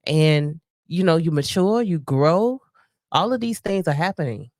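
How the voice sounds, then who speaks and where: A woman's voice: on the low side, expressive, measured pace, darkish tone, no echo, clean studio sound. A woman co-hosting a married couple's podcast, talking emphatically and casually. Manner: emphatic, repeats "you know what I'm saying". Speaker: podcast co-host. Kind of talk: casual chat.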